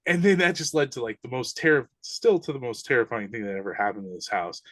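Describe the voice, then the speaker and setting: A man's voice: mid-range voice, quick pace, fairly bright tone, no echo. A man, a podcast guest, animatedly recounting eerie experiences in casual, slangy speech. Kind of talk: casual storytelling.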